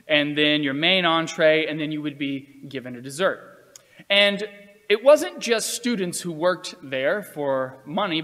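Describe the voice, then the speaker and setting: A man's voice: on the high side, a bit bright. Earnest male storyteller in a reverberant hall. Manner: earnest, measured storytelling with acted quotes. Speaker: speaker telling personal stories. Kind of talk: storytelling talk.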